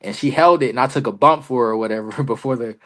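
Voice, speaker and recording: A man's voice: medium pitch, fast talker. A young man, a wrestler guest on a podcast, telling a story in casual slang and acting out the dialogue. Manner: animated storyteller, heavy slang, acts out quoted dialogue.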